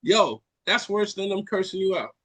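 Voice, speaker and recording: Animated high-voiced man ranting. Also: normal speed. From Caribbean. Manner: animated ranting, exclaims and repeats lines. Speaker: podcast host. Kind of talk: casual chat.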